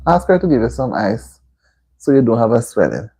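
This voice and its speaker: A woman's voice: rumbling low, very animated, moderate pace, vocal fry, dark tone, breathy edge. A Jamaican woman hosting a casual livestream, chatting with viewers and answering their comments with motherly advice. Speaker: livestream host. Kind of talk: casual live-stream chat. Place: indoor room at home.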